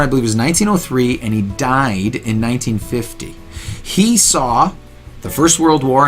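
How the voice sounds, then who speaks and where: A man co-hosting a casual chat, joking and acting out quotes in different voices. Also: medium pitch. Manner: animated, teasing, acts out quotes in voices. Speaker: co-host.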